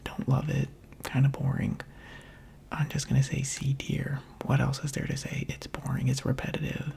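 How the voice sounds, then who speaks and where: A man gives whispered ASMR gaming commentary, close on the microphone. His soft, mostly breath-only voice is mellow, with a gravelly edge, and he rambles in a chatty, playful way full of filler words. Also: medium pitch, monotone, normal speed.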